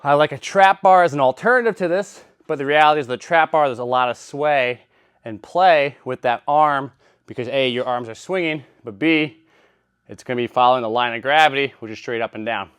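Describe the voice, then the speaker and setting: A man's voice: mid-range voice, brisk, a bit bright, smooth, dry recording. A man in a gym, out of breath between sets, puffing as he casually explains how he uses a training machine. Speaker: fitness vlogger. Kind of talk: casual workout demonstration.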